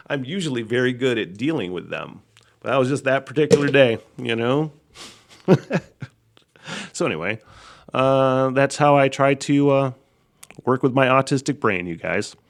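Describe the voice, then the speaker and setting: A man's voice: medium pitch, gravelly. A man hosting his own podcast, telling a rambling, profane story in a solo monologue and often breaking into laughter. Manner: animated storytelling. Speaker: podcast host.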